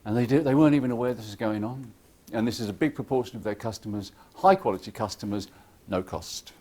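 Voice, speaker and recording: A man giving a lively, irreverent conference talk, joking with the audience and acting out what clients say. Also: on the low side, quick pace. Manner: acts out clients' lines in quoted voices. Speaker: conference speaker. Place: conference hall.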